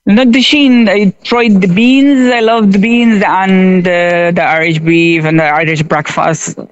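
A man from Pakistan, a friendly, halting interview guest who laughs often. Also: high voice, steady tone, smooth, no room sound, muffled recording. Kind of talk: casual interview chat.

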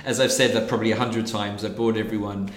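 A man's voice: lowish voice, steady tone, fast, over a noisy crowd. A man co-hosting a casual podcast, enthusiastic and agreeable. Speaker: podcast co-host. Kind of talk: casual chat. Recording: roomy room sound.

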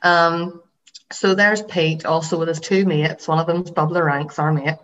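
A woman's voice: low voice, steady tone, a little slow, a bit bright, muffled recording. A woman co-hosting a podcast in casual chat, rambling with lots of fillers and the odd swear word. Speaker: podcast co-host.

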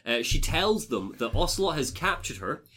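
Animated man recapping a story. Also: fairly high pitch, moderate pace, breathy edge. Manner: animated storytelling, swears freely. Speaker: podcast host recapping game lore. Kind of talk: casual chat.

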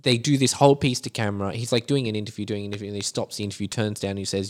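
A young man in casual film chat, animated and opinionated, swearing now and then. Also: fairly low pitch, rapid-fire, hardly any pauses.

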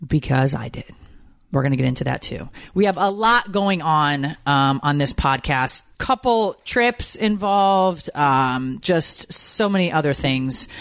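A woman's voice: low-pitched, lively intonation, a little slow, clean tone, dry recording, studio quality. A middle-aged woman hosting a podcast, chatting casually and teasing her co-host, with lots of fillers.

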